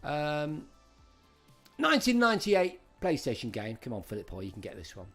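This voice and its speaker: A middle-aged man hosts a live-streamed quiz from a desk mic at his computer. His voice sits a little high and swings a lot in pitch as he greets viewers and reads out questions. Faint music plays behind him. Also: huge pitch swings, moderate pace, fairly bright tone. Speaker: host.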